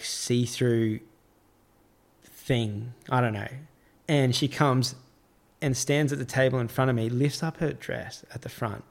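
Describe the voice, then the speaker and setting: Man rambling through a story. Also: mid-range voice. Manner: rambling, filler-heavy, laughs through his story. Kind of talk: casual storytelling.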